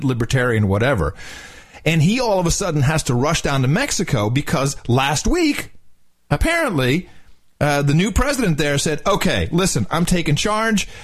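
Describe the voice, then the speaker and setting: A male host chatting casually about politics in a rambling, sarcastic way. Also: medium pitch. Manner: rambling, sarcastic, laughs often.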